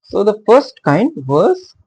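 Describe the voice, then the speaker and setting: A man teaches at an unhurried pace, asking his listeners questions and stopping for many fillers. His voice is gravelly and a little husky, and his pitch rises and falls a lot. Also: huge pitch swings, a little mellow, low-quality recording. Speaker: literature teacher. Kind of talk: casual classroom-style explanation.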